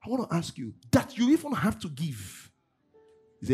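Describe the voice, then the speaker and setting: A man's voice: sits high, wildly swooping pitch, moderate pace, husky, faint music behind. A middle-aged man preaching a sermon as pastor, acting out congregants' voices and laughing often.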